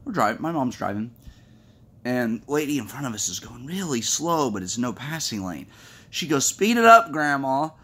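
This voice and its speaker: A man's voice: animated, moderate pace, slightly rough. Chatty man rambling through jokes. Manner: chatty, rambling, acts out friends' lines in high voices. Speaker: comedy vlogger. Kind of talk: casual stand-up joke telling.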